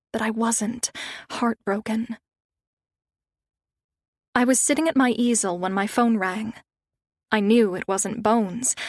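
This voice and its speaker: A woman reading a first-person romance audiobook in a measured, wistful way. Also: fairly high pitch, no room sound, studio quality. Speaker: audiobook narrator.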